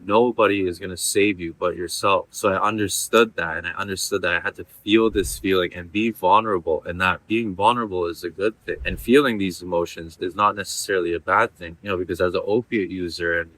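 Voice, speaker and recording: Deep-voiced guy in his 30s, bright forceful tone, rambling earnest testimonial, lots of you know and like. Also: steady tone, a little fast, few pauses, no echo. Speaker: former patient giving a testimonial. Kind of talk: candid personal testimonial.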